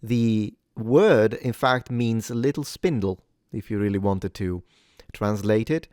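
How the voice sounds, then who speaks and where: Low-voiced man giving a pronunciation lesson. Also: darkish tone, no echo, studio quality. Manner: clear, deliberate, slows down to model words. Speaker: pronunciation teacher.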